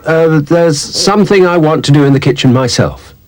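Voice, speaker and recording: A man voicing a kind young mother, gentle and a little hesitant. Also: on the high side, normal speed, pitched above the performer's own voice, natural voice.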